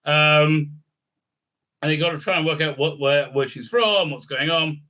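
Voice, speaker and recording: An online video reviewer rants sarcastically through a show recap, profane and rambling, with plenty of fillers. His voice is fairly high-pitched and sharp in tone, and he speaks a little slowly.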